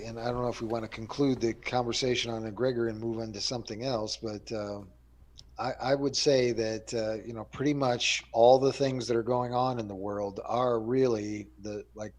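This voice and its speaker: Male host, average pitch, loose and rambling delivery. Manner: rambling, many fillers and restarts. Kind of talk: casual panel chat.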